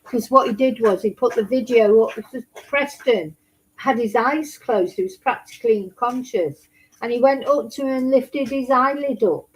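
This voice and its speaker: A woman's voice: a little high, moderate pace, poor audio. A woman giving blunt, indignant casual commentary on a trial report, swearing now and then. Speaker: true crime commentator.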